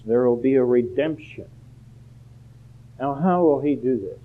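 A male pastor delivers a sermon in a mid-pitched voice, earnest and measured, climbing to forceful emphasis on his main points. The recording is narrow and tinny, like sound heard over a telephone. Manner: earnest, rises to emphatic peaks. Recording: phone-like narrow band.

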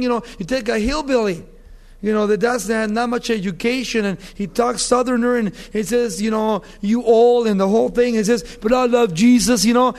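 A man with a high voice preaches a sermon with emphatic, animated delivery. He slows down when he reads scripture aloud and acts out the voices of the people he quotes. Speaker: pastor.

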